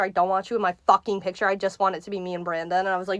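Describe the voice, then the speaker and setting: A young woman telling a casual story-time vlog, excitable and giggly and swearing freely. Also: medium pitch, very fast, few pauses, no echo. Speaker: vlogger.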